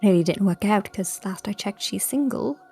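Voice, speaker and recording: Wry, husky woman player. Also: mid-range voice, moderate pace, a little mellow, soft background music. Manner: wry, rambling, with many fillers. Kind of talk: casual play at a tabletop game.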